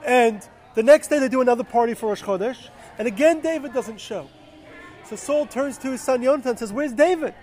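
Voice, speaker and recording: A man's voice: very high-pitched, fairly quick, darkish tone. A man casually retelling a Bible story, with fillers and self-corrections.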